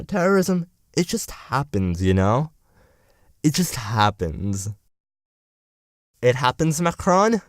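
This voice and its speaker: A young man rants about politics in a loose, profane, sarcastic vlog ramble. His voice is smooth and clear, sitting at an ordinary middle pitch. It is recorded close and dry, with no room sound around it. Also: dry recording. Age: young adult. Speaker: political vlogger.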